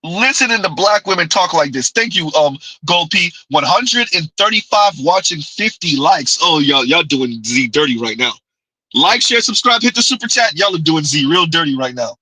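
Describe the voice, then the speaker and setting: Man, livestream host, sarcastic reaction commentary, slightly high voice, bright cutting tone. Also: lively intonation, normal speed, husky, dry recording, poor audio. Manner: sarcastic, laughs often, repeats lines in ridicule.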